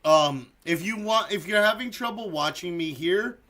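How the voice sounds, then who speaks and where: A man's voice: sits high, normal speed. A man hosting a live stream, playfully announcing players as they drop out of a game, often laughing. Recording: loud crowd and noise behind.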